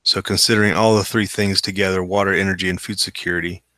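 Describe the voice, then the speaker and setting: A man reads article passages aloud in a casual home show, breaking off for skeptical, wry remarks. His voice sits a little low but has a bright, forceful edge. The sound is close and dry, with no room around it. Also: little pitch movement, fast talker, dry recording. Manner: skeptical, wry asides between read quotes. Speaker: host reading and commenting on articles. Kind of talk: casual commentary while reading aloud.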